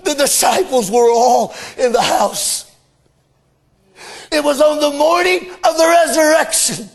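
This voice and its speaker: A man preaching a sermon with fervent delivery that swells into shouts. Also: very high-pitched, measured pace.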